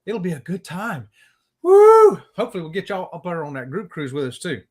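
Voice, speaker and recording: A man's voice: a little high, animated, fast, slightly rough. A middle-aged man with a Southern US accent co-hosting a casual live-stream chat, joking and folksy. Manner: joking, folksy, laughs at his own puns. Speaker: co-host of a live cruise chat show.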